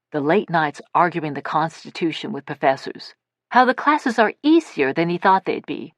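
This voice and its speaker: A woman reading a first-person audiobook aloud, with lively storytelling that voices the characters' dialogue. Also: deep voice, no echo. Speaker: audiobook narrator.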